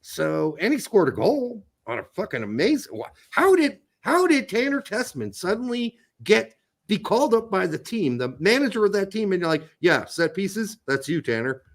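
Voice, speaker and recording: A man's voice: high voice, big pitch swings, normal speed, vocal fry. A man co-hosting a casual sports podcast, blunt, opinionated and joking, with frequent swearing. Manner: blunt, profane, opinionated, jokey. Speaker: podcast co-host.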